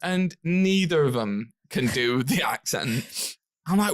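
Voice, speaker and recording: A man's voice: a little high, slow. British guy hosting a film podcast, bouncy voice going all over, laughs a lot. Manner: laughing, animated, swearing freely. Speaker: podcast host. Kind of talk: casual chat.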